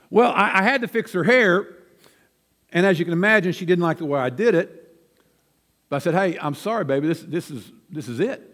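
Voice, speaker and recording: In a church sanctuary, an older man serving as pastor gives a sermon full of homespun, self-mocking family anecdotes. His voice sits on the high side and is a bit bright, with a long reverb tail trailing each phrase.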